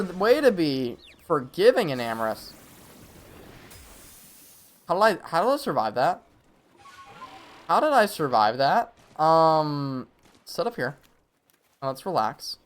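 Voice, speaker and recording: Animated man streaming a game. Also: on the high side. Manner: talks to himself and the game, quick reactions. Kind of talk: live gameplay commentary.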